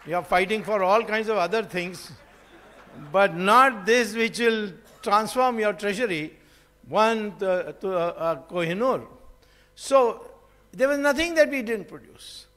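A man's voice: high-pitched, measured pace, fairly bright tone. A man giving a public lecture, rambling through stories with fillers and restarts. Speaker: public speaker. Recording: hall reverb.

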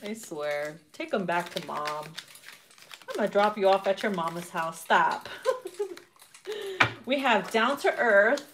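A woman's voice: medium pitch, sing-song, measured pace, pauses often, noisy background. A woman giving a casual tarot reading who swears freely, laughs often and acts out quotes. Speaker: tarot reader.

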